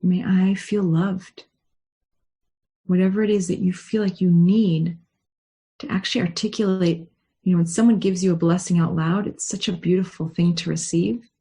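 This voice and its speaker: A woman rabbi leading a guided meditation and teaching, with a gentle, unhurried guiding tone. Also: on the low side, fairly even intonation, slightly rough. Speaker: rabbi leading a study session.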